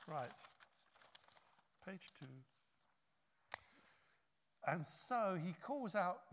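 A man preaching a sermon, telling a story with lively acted-out quotes. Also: high-pitched, very slow, long pauses, big-room sound. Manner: animated storytelling, acts out quotes.

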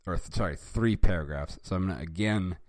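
Man, low voice, dry recording, casual reading with wry comments, chuckling. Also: a little fast, dry recording. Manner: wry, amused asides, chuckling. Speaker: reader and host.

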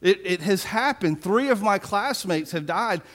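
A man's voice: high-pitched, expressive, a little slow, fairly bright tone. A man in his forties preaching a sermon, telling stories in a conversational way with self-deprecating humor. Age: 40s. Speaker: pastor.

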